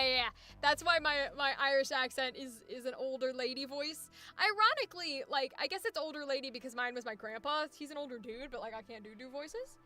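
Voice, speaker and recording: High-pitched, pushed and bright, this woman's voice carries a live-streamed coaching session. The voice actor chats casually, swears without restraint, and laughs readily as faint music plays behind her.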